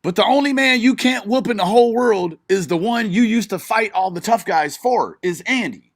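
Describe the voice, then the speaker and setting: A streamer reacts to a live video he's watching, mocking it with profane commentary and frequently bursting into laughter. His voice is high-pitched and he talks at a normal speed. The recording is dry and of studio quality.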